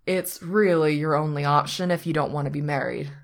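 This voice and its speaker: A woman voicing a dry, long-suffering male attorney who speaks in a measured, wry way. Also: low voice, vocal fry.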